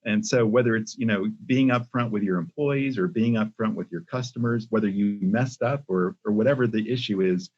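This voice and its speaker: An older man, a company CEO, speaking as a podcast guest in a measured way with many pauses and restarts. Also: on the low side, a little mellow, husky. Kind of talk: casual interview talk. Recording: muffled lo-fi audio.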